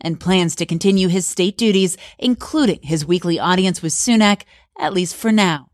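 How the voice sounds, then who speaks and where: A woman news correspondent delivering a measured, scripted news report. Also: fairly low pitch, noisy background.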